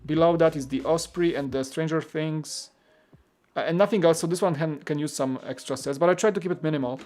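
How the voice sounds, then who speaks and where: A man's voice: on the high side, fairly quick, a little mellow, soft background music. Chatty man rambling on a live stream. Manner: rambling, chatty, many filler words; reads and greets viewer comments. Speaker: live-stream host building a toy set. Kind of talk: casual live-stream chat.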